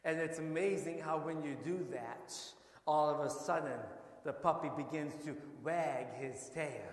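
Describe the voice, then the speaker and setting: A high-voiced male pastor preaches a sermon and builds from soft, measured talk to fervent shouting. His voice rings through a large, echoey church sanctuary with a long reverb tail. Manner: builds from quiet to shouting exhortation.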